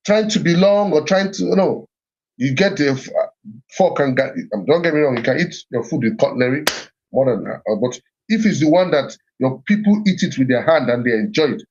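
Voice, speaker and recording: A man's voice: fairly high pitch, animated, moderate pace, darkish tone, highs cut off. A middle-aged man from Nigeria hosting a live stream, speaking earnestly with frequent restarts and repeats. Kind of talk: motivational live-stream talk.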